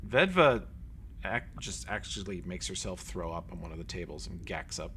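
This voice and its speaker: A man's voice: deep voice, lively intonation, normal speed, background noise. A man running a tabletop game as game master, narrating scenes vividly and acting out sounds. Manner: vivid, acts out sounds and voices.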